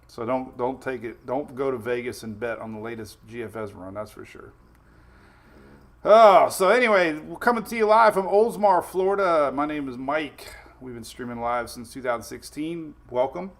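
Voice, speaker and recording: A man's voice: mid-range voice, moderate pace. A man hosting a casual weather livestream from home, chatty and laughing often while his dogs run around.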